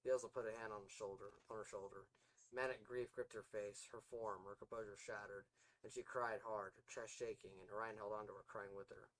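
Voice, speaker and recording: Man reading his own novel, low-voiced. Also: little pitch movement, fairly quick, fairly bright tone, poor audio. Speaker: podcast host and author.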